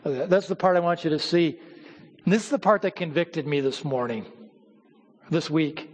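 A male pastor delivers a teaching sermon in a high-pitched voice. He speaks in measured phrases, pausing and repeating words as he explains each point. His voice rings out with a long reverb from the church hall. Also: breathy edge.

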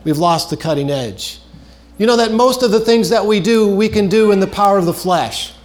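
Male preacher, high voice, earnest sermon delivery, repeats key phrases, trails low at phrase ends. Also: moderate pace.

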